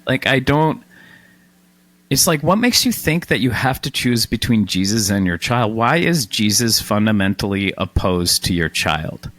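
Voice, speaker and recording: A man hosting a podcast in casual chat, animated and quick with self-deprecating asides. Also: lowish voice, no room sound. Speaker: podcast host.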